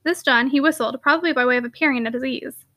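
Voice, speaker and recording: A woman narrating a classic novel in a clear, measured way. Her voice is high and bright, with a crisp edge to every line. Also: dry recording. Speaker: audiobook reader. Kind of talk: reading a classic novel aloud.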